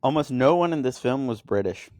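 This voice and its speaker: A man's voice: mid-range voice, lively intonation, a little fast, a little mellow, dry recording, studio quality. A man co-hosting a film podcast, rambling through his notes with lots of fillers and jokey asides. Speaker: podcast co-host reviewing films. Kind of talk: casual chat.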